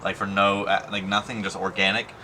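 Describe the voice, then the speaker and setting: A man's voice: on the low side, flat delivery, brisk, bright, forceful tone, a little hiss or hum. A young man talking in a casual personal vlog, rambling and emotional, with many fillers and restarts. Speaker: vlogger.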